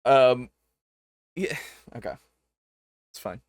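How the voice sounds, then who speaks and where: A man reacting to videos as host, arguing with what he hears in an animated, talkative way and laughing often. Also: mid-range voice, slow pace, dry recording. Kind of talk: casual reaction commentary.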